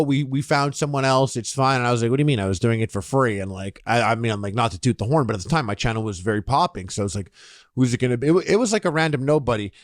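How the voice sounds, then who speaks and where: Male podcast host, rambling anecdotes, lots of "like", dry studio sound, medium pitch. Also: no room sound. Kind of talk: casual podcast chat.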